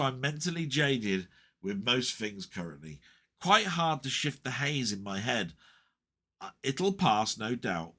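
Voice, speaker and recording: A middle-aged vlogger talks casually to camera about his week, rambling in a heartfelt way with many fillers and restarts. His voice is medium-pitched, bright, and forceful.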